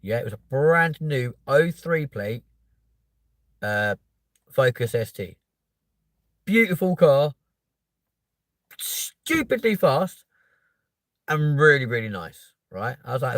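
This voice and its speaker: A man's voice: medium pitch, normal speed, creaky, pauses often, dry recording, studio quality. A man in his thirties with a London accent, telling a long story in casual talk, swearing freely and tagging lines with "right?". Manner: animated, voice jumps up when quoting himself. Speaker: podcast host.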